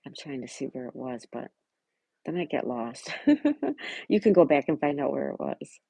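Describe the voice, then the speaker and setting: A woman's voice: extremely low pitch, very animated, normal speed, creaky, slightly rough, dry recording. A woman from Buffalo, New York, hosting a casual livestream, reading viewers' comments aloud and greeting each of them by name. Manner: greets viewers by name and chats back warmly. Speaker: livestream host.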